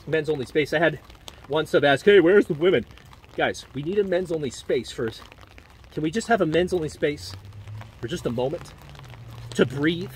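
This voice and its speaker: A man's voice: on the high side, a little hiss or hum. A man rambling animatedly in a preachy commentary vlog, talking to a handheld phone while walking outdoors on a street. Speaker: vlogger and men's dating commentator.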